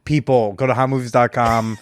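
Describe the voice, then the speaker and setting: A man's voice: mid-range voice, flat delivery, a little fast, smooth, no echo, clean studio sound. A man hosting a podcast, chatting casually and rambling through stories with laughs. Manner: rambling, laughs while retelling scenes. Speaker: podcast host. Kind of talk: casual chat.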